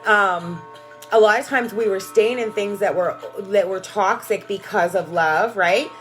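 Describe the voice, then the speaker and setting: A woman's voice: medium pitch, a little slow, a bit bright, soft background music. A woman life coach talking casually and emphatically on a livestream, often asking "right?" and greeting viewers by name. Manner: emphatic, rambling, repeats "right?" and "you know". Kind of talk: casual motivational livestream talk.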